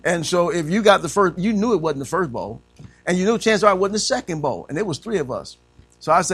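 Man preaching, gravelly, pitched a bit high, swings loud to hushed. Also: expressive, a little fast, no echo. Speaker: pastor. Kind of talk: sermon.

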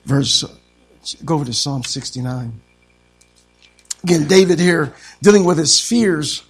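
A man preaching an impassioned sermon, reading scripture fervently and swinging from hushed tones to shouting. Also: fairly high pitch, husky.

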